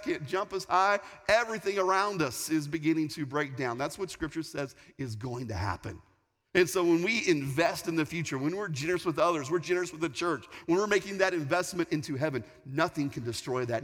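Animated pastor man in echoing hall. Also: a little high. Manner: animated storytelling, emphatic. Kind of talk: sermon. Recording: long hall reverb.

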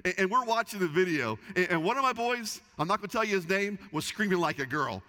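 Bright-voiced pastor in a reverberant hall. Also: male voice, high-pitched, fast. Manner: lively storytelling with repeated restarts. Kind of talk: sermon. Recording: long reverb of a large hall.

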